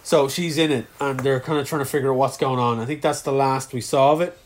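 Relaxed guy, medium-pitched voice, casual chat co-host, rambles a bit. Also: fast talker, a little hiss or hum. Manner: easygoing, rambling with fillers.

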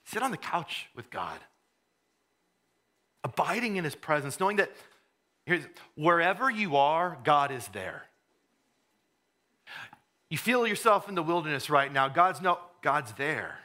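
A man preaching a sermon, conversational, repeating words as he goes, then rising to fervent emphasis and dropping to a hush. He says he has a cold. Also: fairly high pitch, big pitch swings, unhurried, pauses often. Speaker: pastor.

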